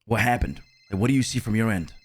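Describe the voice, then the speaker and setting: A man in an online roleplay calmly asking his longtime partner what happened. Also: on the low side, quick pace, slightly rough.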